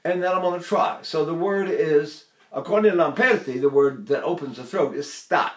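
An older man from Texas teaches singing technique in a lively, chatty way, slipping in asides and little chuckles. His speaking voice sits fairly high for a man. The room around him rings with a noticeable echo. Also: normal speed. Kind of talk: vocal technique lesson with spoken demonstrations. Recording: roomy echo.

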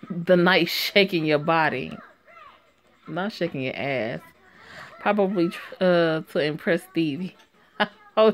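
A woman with a low-sitting voice reads a story game aloud, reacting to it with sass and profanity and laughing readily.

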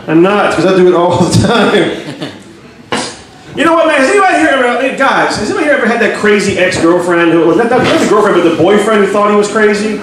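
A man's voice: sits high, quick pace. A man doing a crude stand-up comedy set in a pub, acting out voices of the people in his stories. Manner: crude, animated, acts out voices. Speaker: stand-up comic. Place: crowded pub comedy stage. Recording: echoey room, distant mic, crowd.

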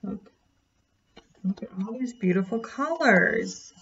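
A woman's voice: medium pitch, lively intonation, slow pace, gravelly, slightly rough, recorded from a distance, lo-fi sound. Woman reading a picture book aloud. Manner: gentle, explaining pictures to a child. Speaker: storyteller.

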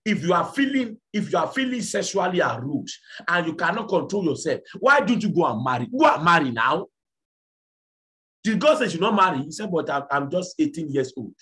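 A man's voice: high voice, big pitch swings, fairly quick, sharp tone. A man preaching a fiery sermon, repeating lines and firing off rhetorical questions.

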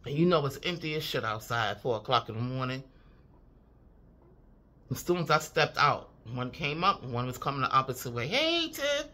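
A woman in a loose, profane spiritual reading with a bright, forceful edge to her voice. She hammers her points with repeated phrases and breaks into chuckles as she goes. Her delivery is emphatic and casual rather than polished. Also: very deep voice, fairly quick. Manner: profane, emphatic, repeats "I'm telling you"; chuckles often while talking. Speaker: intuitive reader.

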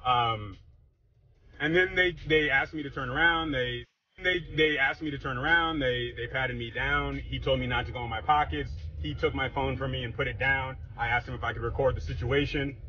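A man's voice: mid-range voice, moderate pace, bright, forceful tone, far from the mic, muffled recording, a little hiss or hum. A man from New York recounting a police stop while driving, speaking frankly and still rattled. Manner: nervous, then frank and rattled. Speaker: person stopped by police, then recounting it. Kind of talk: phone recording and driving vlog. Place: street, then in a car. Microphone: phone.

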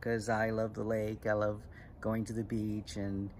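A man's voice: fairly low pitch, monotone, measured pace, darkish tone, slight background noise. A man working as a club instructor, giving a step-by-step lesson to children and explaining patiently with frequent ums. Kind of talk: slow step-by-step lesson for kids.

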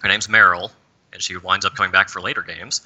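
Bright-voiced rambling podcast storyteller man. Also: sits low, flat delivery, quick pace, lo-fi sound. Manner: rambling storyteller, leans heavily on "like". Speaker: podcast panelist. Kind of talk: casual podcast chat.

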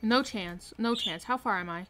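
A woman streaming a game live from her room, excitedly commenting and repeating herself with hyped exclamations. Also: medium pitch, moderate pace. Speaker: gaming streamer.

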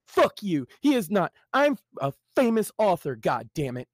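A man's voice: big pitch swings, normal speed, no room sound, clean studio sound, full character voice. A man voicing a whiny, paranoid, self-pitying would-be author who whines indignantly. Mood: furious. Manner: high, whining and indignant.

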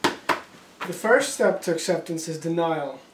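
A young man playing a therapist in an amateur short film. He talks haltingly, with many ums and uhs. The mic is far off, and the room is echoey and noisy. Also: a little high, expressive.

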